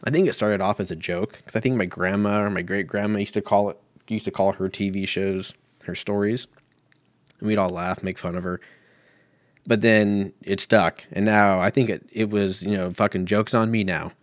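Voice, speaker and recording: Low-voiced man rambling profanely at home. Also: steady tone, moderate pace, no room sound. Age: 30s. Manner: profane, rambling and self-mocking. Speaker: podcast host. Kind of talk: casual solo podcast rambling.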